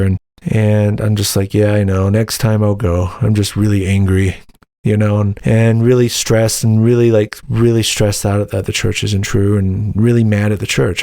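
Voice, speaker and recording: A young man hosting a solo podcast, telling a personal story in a halting way, repeating words and quoting his own past thoughts. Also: medium pitch, darkish tone, no echo, studio quality. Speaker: podcast host.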